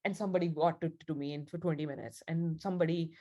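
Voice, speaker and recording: A woman's voice: low voice, steady tone, fast talker, warm tone, lo-fi sound. A woman leading a spiritual group session, telling a story in a chatty, casual way with frequent laughs. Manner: chatty, laughs often, many fillers like "like".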